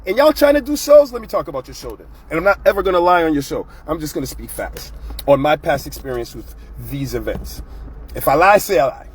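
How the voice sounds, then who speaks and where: A man's voice: on the high side, sing-song, brisk, slightly rough. A man hosting his own show, ranting bluntly and profanely in a casual, fired-up monologue. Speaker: show host.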